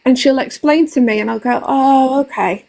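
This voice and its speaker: A woman's voice: high voice, fairly quick, gravelly, a little mellow, rough recording. A woman in her thirties with a British accent, explaining her view at length in a casual live-stream chat. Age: 30s.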